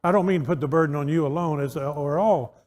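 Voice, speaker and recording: A man's voice: on the high side, fast talker, a little mellow. A man teaching an interactive Bible class in a conversational way, asking his listeners questions and often restarting his sentences. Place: church auditorium. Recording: echoey church hall.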